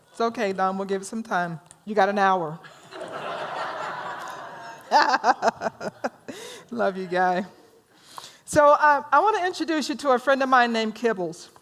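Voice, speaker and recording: A woman from rural North Carolina leads a workshop in her Southern drawl. Her voice sits a touch high. She teaches conversationally, stops to check in with the room and teases her listeners. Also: lively intonation, takes it slowly, pauses often, fairly bright tone. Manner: conversational, teasing the audience, asks them questions. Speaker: minister leading a workshop.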